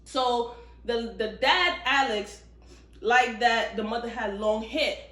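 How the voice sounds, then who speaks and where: A woman recapping a thriller novel in a casual, animated book review, cursing freely and talking straight to viewers. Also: on the high side, slow pace. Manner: animated, profane, chatty storytelling. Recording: roomy echo.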